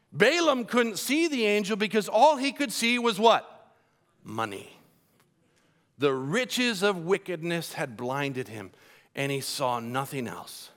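A man preaching a sermon to a congregation, telling the story with lively asides and acted-out voices. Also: high voice. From Colombia. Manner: animated storytelling, acts out voices.

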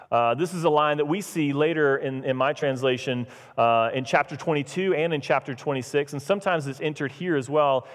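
Preaching man in a reverberant hall. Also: a little high. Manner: conversational preaching, acts out scripture voices. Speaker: pastor. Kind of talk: sermon. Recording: long church reverb.

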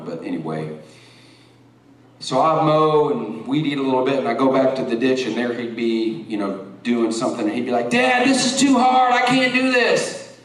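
Middle-aged pastor in an echoey church. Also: male voice, mid-range voice. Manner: rambling storytelling, rising to forceful preaching. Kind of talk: sermon. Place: church sanctuary. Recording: echoey church hall from far off.

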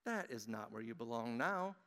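A man voicing a kind, gentle male shepherd in a children's story, speaking with gentle warmth. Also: medium pitch, sing-song, normal speed, big-room sound. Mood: gentle concern. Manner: gentle, invitingly warm.

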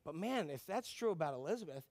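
Animated high-voiced male pastor preaching. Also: fast. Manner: animated, acts out quotes, asks audience questions. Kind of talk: sermon.

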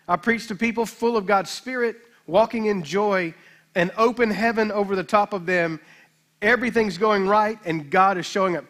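A man pastor preaching a sermon, emphatic, with slow dramatic scripture readings. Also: high-pitched, pushed and bright.

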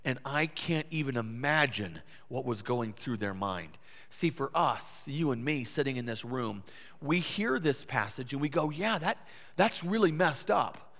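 A man preaching a sermon to his congregation, animated and lively, switching into different voices to act out how listeners react. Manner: animated, acts out listeners' voices with big pitch swings. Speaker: pastor. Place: church sanctuary. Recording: reverberant church hall.

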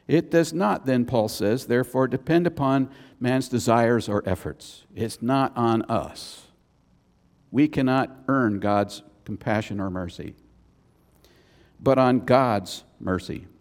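A man's voice: medium pitch, slow pace, a little mellow. A man preaching a sermon as a pastor, conversational, with chatty asides between points. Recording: long reverb of a church hall.

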